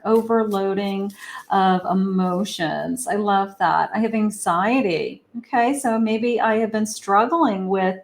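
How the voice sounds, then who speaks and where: A woman's voice: mid-range voice, steady tone, unhurried. A woman, a psychic, giving a rambling, casual tarot reading with many fillers. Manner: acts out lovers' quoted lines.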